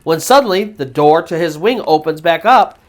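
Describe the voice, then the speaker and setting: A man's voice: fairly high pitch, animated, normal speed. A man hosting a storytelling channel, retelling a true ghost story in a loose, conversational way with fillers and restarts. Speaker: storyteller host.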